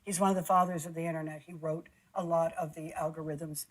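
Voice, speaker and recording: A woman telling a personal story in a halting way, stumbling and repeating words, close to tears. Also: deep voice, little pitch movement, low-quality recording. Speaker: guest recounting an experience.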